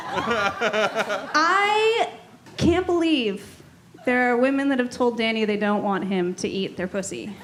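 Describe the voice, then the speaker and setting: A woman's voice: on the high side, animated, takes it slowly, pauses often, fairly bright tone, slight background noise. A woman doing a sardonic, profane stand-up set, teasing the crowd. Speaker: stand-up comedian. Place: comedy club stage.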